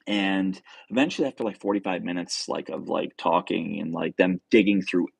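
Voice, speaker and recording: Speaking at normal speed in a low, slightly rough voice with vocal fry, a young livestream host rambles through a story with fillers and restarts. He also reads viewers' comments aloud, and the recording is dry.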